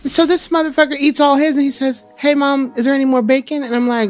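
A woman co-hosting a casual podcast chat, telling stories in a blunt, swearing, animated way and acting out the quotes. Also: high-pitched, fast, few pauses. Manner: profane, animated storytelling with voiced quotes. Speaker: podcast co-host.

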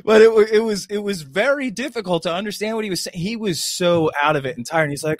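Rambling animated male podcast co-host. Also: high voice, quick pace, dry recording, studio quality. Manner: rambling, animated storytelling with restarts. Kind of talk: casual chat.

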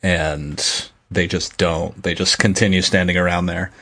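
A man with a very low voice talks through a book's chapters in a loose, casual way. He rambles and stops to correct himself as he goes. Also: fairly even intonation, a little slow, gravelly, pushed and bright. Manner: rambling recap with self-corrections. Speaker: podcast co-host. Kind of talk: casual book discussion.

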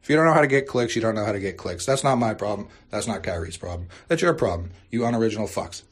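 A young man hosting a sports podcast, ranting and swearing, his voice jumping high when outraged. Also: lively intonation, fast talker, a little hiss or hum. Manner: exasperated, swearing, bursts into high-pitched outrage. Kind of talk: profane ranting podcast intro.

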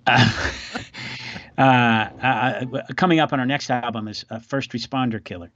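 A man's voice: mid-range voice, measured pace, fairly bright tone, highs cut off, slight background noise. Rambling, wry male podcast host. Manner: loose, rambling, wry storytelling. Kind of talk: casual chat.

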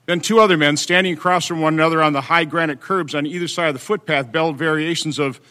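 A man at a hearing reading testimony into the record in a measured, halting way with many fillers. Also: fairly high pitch, steady tone, bright, forceful tone. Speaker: senator at a hearing.

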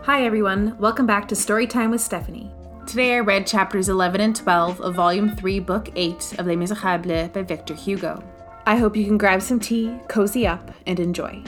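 A woman hosting a storytelling podcast, calmly reading chapters of a classic novel aloud. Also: medium pitch, a little fast, soft background music.

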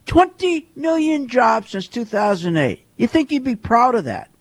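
A man's voice: extremely high pitch, big pitch swings, measured pace. A man giving a heated, repetitive monologue as a market commentator, firing off rhetorical questions. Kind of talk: ranting monologue.

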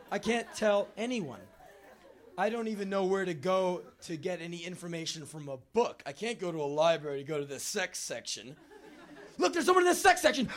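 A man telling spoken word stories, animated, bursting into shouted impressions and mock laughs. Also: a little high. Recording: roomy echo.

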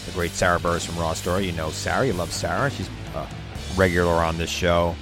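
A man's voice: sits low, level tone, brisk, a bit bright, soft background music. A middle-aged man hosting his podcast in a rambling casual chat, often stumbling and restarting. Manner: rambling, self-interrupting, stammers on restarts. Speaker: podcast host.

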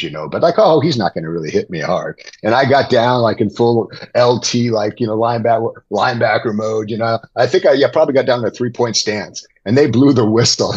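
A middle-aged man, a guest on a podcast, telling an animated story with excitement and laughter. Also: mid-range voice, slightly rough, lo-fi sound. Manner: excited, laughing anecdote teller. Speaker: guest, former TV gladiator.

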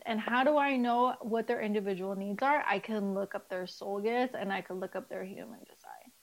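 A woman's voice: medium pitch, moderate pace, few pauses, poor audio. Chatty woman coach telling her story. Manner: animated storytelling, acts out quoted dialogue; candid, swears casually and laughs. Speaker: guest, spiritual life coach. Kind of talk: casual interview conversation.

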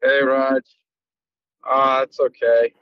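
A man from Massachusetts calling into a football chat, excitable and self-deprecating, with hesitant fillers. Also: medium pitch, takes it slowly, no room sound, lo-fi sound. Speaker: caller. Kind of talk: casual chat.

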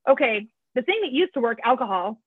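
Her voice is on the high side and brisk, with lively intonation and a breathy edge, and there's no room sound on the tinny, dry phone line. A podcast guest and author in recovery, she tells her story in a frank, profane way, filled with "like" and "you know."

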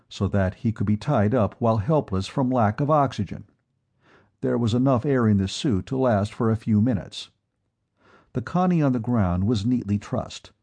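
A man narrating an adventure book in a steady, measured reading. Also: mid-range voice, slightly rough. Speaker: audiobook narrator. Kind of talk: scripted narration.

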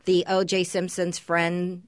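A woman co-hosting a podcast in casual chat, animated and profane, quick to laugh. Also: on the low side, dry recording, clean studio sound. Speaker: podcast co-host. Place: Los Angeles.

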